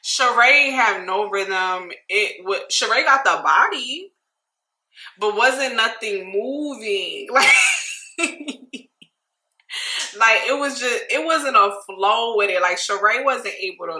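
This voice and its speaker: Bright-voiced chatty young woman, roomy echo. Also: medium pitch. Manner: animated, laughs often, slangy and playful. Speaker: reality TV recap vlogger. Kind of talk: casual chatty recap.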